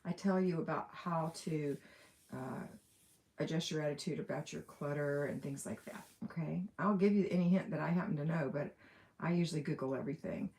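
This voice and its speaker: A woman's voice: low voice, brisk, a little mellow. A woman with an Alabama accent hosting a casual live question session, chatty and reading viewer comments aloud with a laugh now and then. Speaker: livestream host. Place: room at home with window open.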